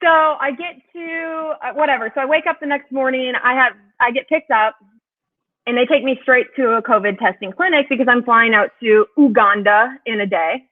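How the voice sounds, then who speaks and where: A woman's voice: high voice, moderate pace. A woman from Wisconsin, a guest, telling travel stories in a chatty way and laughing often. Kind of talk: casual chat. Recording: tinny phone-like call audio.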